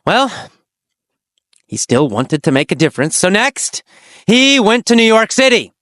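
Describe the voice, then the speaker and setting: With slow, exaggerated delivery, an English teacher narrates a teaching story, asking easy questions and supplying the answers. Her voice is a bit bright and leaps dramatically in pitch, captured in clean studio sound without echo.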